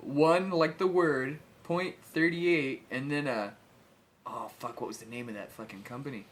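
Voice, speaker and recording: A man's voice: mid-range voice, moderate pace, slight background noise. A man co-hosting a casual podcast, telling stories animatedly, saying "dude" and laughing. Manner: animated storyteller, says "dude", laughs often. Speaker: podcast co-host.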